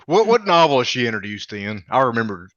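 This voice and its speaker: A man co-hosting a podcast, giving blunt opinions in a halting way, often restarting sentences. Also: medium pitch, sing-song, lo-fi sound, a crowd in the background. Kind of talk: casual film discussion.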